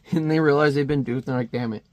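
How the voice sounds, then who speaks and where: A man's voice: a little high, steady tone, quick pace, darkish tone, no echo, lo-fi sound. A man casually reviewing a comic, chatty and wry, with many fillers.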